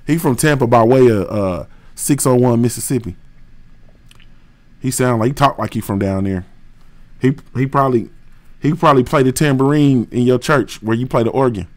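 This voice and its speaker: A man's voice: medium pitch, moderate pace. A boxing show host from Ohio, speaking. He rants on a livestream, heated and profane, loops back on his own phrases, and piles on street slang. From West Dayton, Ohio, USA. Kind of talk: livestream rant.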